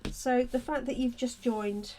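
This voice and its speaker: A woman talks slowly through a live craft demonstration in a fairly high voice. She chats warmly with viewers, calling them by name as she works. A faint hiss sits under her voice. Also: steady tone. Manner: chatty, talks to viewers by name and answers their comments. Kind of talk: live card-making demonstration.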